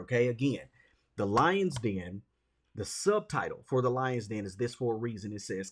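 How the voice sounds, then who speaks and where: A man's voice: mid-range voice, slightly rough. A man hosting a podcast, teaching in a motivational monologue, repeating key questions and checking in with "okay?" and "right?". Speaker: podcast host and leadership speaker.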